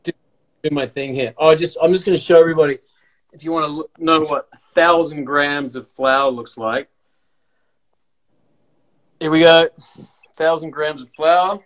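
A man's voice: on the high side, steady tone, normal speed, pauses often, fairly bright tone. A middle-aged man in casual chat, joking and rambling in a self-mocking way while baking along.

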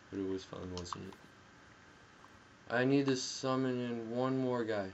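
A young man giving casual, jokey commentary while playing a game, yelling at the action and talking through a headset mic. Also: medium pitch, a little slow, long pauses. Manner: excitable, jokey, yells at the game. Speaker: gameplay commentator. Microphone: gaming headset. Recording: dull headset audio with faint noise.

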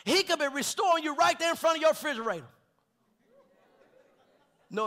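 A pastor preaching in a church, his voice sitting unusually high for a man with a bright, forceful edge. He jokes in a folksy way, then swells into shouted, drawn-out scripture and calls to his congregation. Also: big pitch swings. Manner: preaching with call-and-response, rising to shouts; folksy, joking asides with laughter. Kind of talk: sermon. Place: church sanctuary.

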